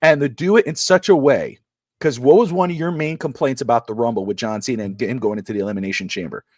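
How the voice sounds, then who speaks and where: Guy co-hosting a sports talk show, gets excited and rambles, keeps restarting, mid-pitched, dry sound. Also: fast, dry recording. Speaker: sports podcast co-host.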